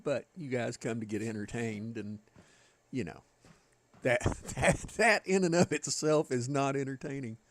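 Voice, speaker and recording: With a mid-range voice, a measured pace, and a little hiss or hum on the recording, this man streams a game and talks with his chat. His Southern American accent marks him as from the Southern United States, and his manner is folksy and rambling.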